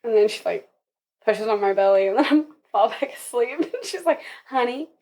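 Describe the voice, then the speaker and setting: A woman's voice: mid-range voice, lively intonation, normal speed, dark tone. A young woman, a podcast guest, telling her birth story casually and with animation, laughing often and acting out what others said.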